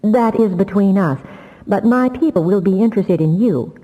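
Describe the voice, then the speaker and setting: A woman's voice: medium pitch, lively intonation, moderate pace, big-room sound, lo-fi sound, pitched above the performer's own voice, natural voice. A woman voicing a passionate, defiant young telepath who pleads and cries out. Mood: guarded. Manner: pleading, strained, near shrieking.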